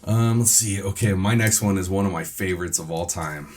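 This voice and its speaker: Low-voiced, profane podcast co-host. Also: male voice, brisk, a little mellow. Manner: profane, laughing storytelling. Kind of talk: casual chat.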